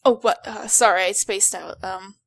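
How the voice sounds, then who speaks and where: A woman's voice: medium pitch, fairly even intonation, moderate pace, creaky. A young woman co-hosting a podcast, talking in a laid-back way that often trails off. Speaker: podcast co-host. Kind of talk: casual chat.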